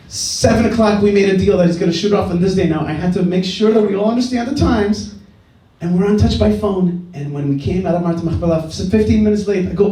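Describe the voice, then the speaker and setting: A man's voice: high voice, quick pace, warm tone, distant mic. A middle-aged man giving an earnest talk at a gathering, telling a story and repeating his key phrases. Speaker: speaker at a dialogue gathering. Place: indoor event hall. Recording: roomy hall, speaker away from mic.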